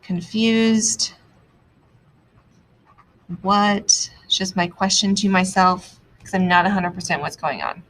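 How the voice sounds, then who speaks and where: A young adult woman teaching, annotating a text aloud as she reads, thinking out loud with many pauses. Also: on the low side, rough recording.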